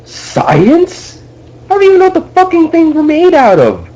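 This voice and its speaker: A man's voice: very high voice, huge pitch swings, normal speed, darkish tone, muffled recording. A young man co-hosting a casual podcast, ranting about a bad movie with exasperated swearing. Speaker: podcast co-host.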